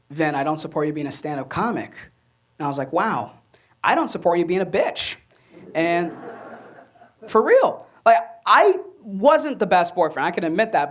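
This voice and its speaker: Young man, stand-up comedian, lively swooping pitch, acts out voices, stage mic, club laughter. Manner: animated storytelling, acts out quoted voices.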